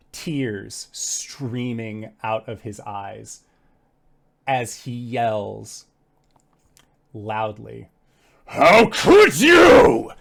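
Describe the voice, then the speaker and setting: A game master narrating a tabletop game in vivid, casual detail, peppered with "like" and the odd swear. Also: medium pitch.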